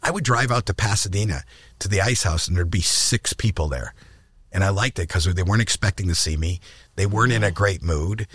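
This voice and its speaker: Older man telling animated stories. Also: a little fast, breathy edge, no room sound, studio quality. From Canada. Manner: animated, acts out quoted lines with rising pitch; repeats and restarts words. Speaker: podcast guest. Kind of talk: anecdotal storytelling in conversation.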